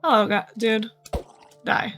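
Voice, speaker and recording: A woman's voice: on the high side, fairly even intonation, slow pace, a bit bright, faint music behind. A tired woman streamer rambling casually to herself while she plays. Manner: chatty, rambling, self-talking. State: tired, short on sleep. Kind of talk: casual gameplay commentary.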